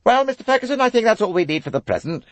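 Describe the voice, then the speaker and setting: A man playing a cold, brisk British officer. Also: sits high, sing-song, no echo, pitched above the performer's own voice.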